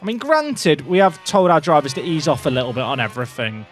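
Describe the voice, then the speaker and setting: A young man giving excitable, jokey commentary while playing a racing game, talking to his chat and shouting at his drivers. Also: on the high side, fairly quick, soft background music. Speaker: gaming video creator. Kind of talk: casual gameplay commentary.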